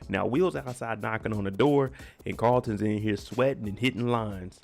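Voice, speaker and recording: A man's voice: lowish voice, normal speed, gravelly, soft background music. A man giving a chatty, slangy, opinionated recap of a TV episode. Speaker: TV recap vlogger. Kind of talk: casual recap commentary.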